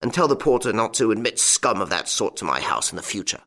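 A man's voice: on the low side, big pitch swings, fast, sharp tone, full character voice. A man playing a proud, wrathful old aristocrat, blustering and indignant. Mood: furious.

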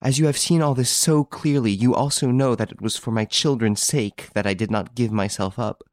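A man's voice: mid-range voice, normal speed, darkish tone, no room sound, studio quality, voice pushed up, natural voice. Man reading a tired, subdued woman. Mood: weary. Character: weary woman accused of murder, grateful. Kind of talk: audiobook character reading.

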